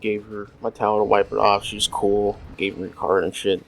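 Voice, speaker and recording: A man with a lowish voice, vocal fry and little pitch movement talks briskly while gaming at home, telling a crude story full of swearing and filler in a rambling, casual way. It's poor audio from a desk USB microphone, with faint background noise and mouse clicks.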